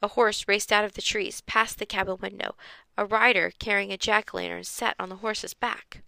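A woman's voice: medium pitch, fairly even intonation, moderate pace, gravelly, bright, forceful tone, no echo. A woman reading a children's chapter book aloud and acting out the characters' voices. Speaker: reader.

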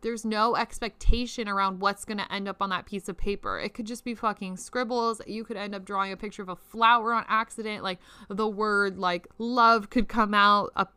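A woman's voice: mid-range voice, fairly even intonation, normal speed, few pauses, bright, forceful tone, clean tone, dry recording. A young woman teaching spiritual practice in a chatty, casual way, swearing freely and laughing often.

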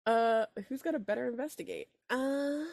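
A woman's voice: high voice, normal speed, a little mellow, dry recording, studio quality. A woman playing a tabletop game, talking hesitantly with lots of ums and likes, and giggling now and then. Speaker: player. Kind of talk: casual tabletop game play.

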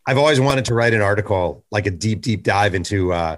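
A man's voice: fairly low pitch, lively intonation, fairly quick. A man hosting a podcast, asking questions in a casual, chatty way with plenty of fillers. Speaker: podcast host. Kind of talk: casual interview chat.

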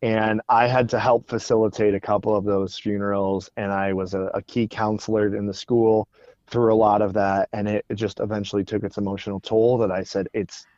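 A man's voice: lowish voice, level tone, fairly quick, a little mellow, no echo. A man who is a guest on a podcast, telling stories in an earnest way and often repeating words, on a dull lo-fi recording. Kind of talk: casual podcast interview.

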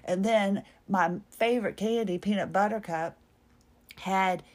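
A woman's voice: mid-range voice, measured pace. A woman hosting a solo podcast, chatting in a rambling, nostalgic, self-mocking way and trailing off mid-thought. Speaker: podcast host.

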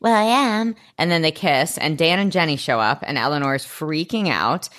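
Chatty co-host woman, low-pitched, lively banter full of mock voices. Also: moderate pace. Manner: animated, swears, acts out characters' lines in mock voices. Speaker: podcast co-host. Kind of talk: casual recap chat.

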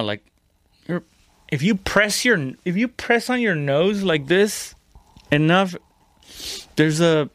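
A man's voice: medium pitch, fairly bright tone, no room sound. A young man casually telling a story about fighting, rambling and profane, with lots of restarts and fillers.

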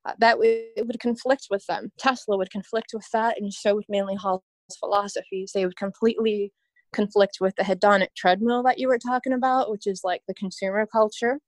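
A woman's voice: medium pitch, fairly even intonation, fairly quick, no room sound. A woman guest on a podcast, talking in a rambling, earnest way and laughing often. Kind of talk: casual podcast chat.

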